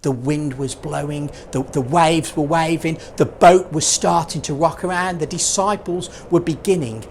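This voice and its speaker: A man presenting a children's assembly, telling a Bible story in a playful, expressive way with jokey asides. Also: on the high side, a little slow, hardly any pauses, slight background noise.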